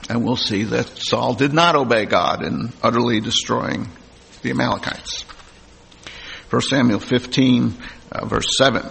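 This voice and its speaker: Gravelly-voiced man preaching in a hall. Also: mid-range voice, measured pace, fairly bright tone, slight background noise. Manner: reads scripture aloud, then comments plainly to the congregation. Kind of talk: sermon with scripture reading. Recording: long hall reverb.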